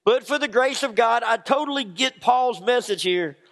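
A man's voice: very high-pitched, normal speed, fairly bright tone. A man preaching a sermon in a church, telling folksy stories and acting out the people in them. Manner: folksy storytelling, acts out quotes. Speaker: pastor. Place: church sanctuary. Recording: long reverb of a church hall.

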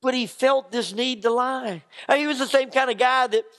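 A man's voice: very high voice, moderate pace, a bit bright. A man preaching a sermon in a church, telling folksy stories and acting out the people in them. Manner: folksy storytelling, acts out quotes. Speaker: pastor. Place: church sanctuary. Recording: long reverb of a church hall.

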